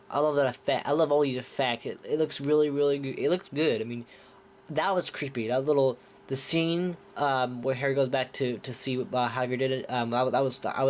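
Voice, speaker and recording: A man's voice: mid-range voice, slight background noise. A man giving a casual movie review, rambling with many restarts and talking enthusiastically. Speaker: film reviewer.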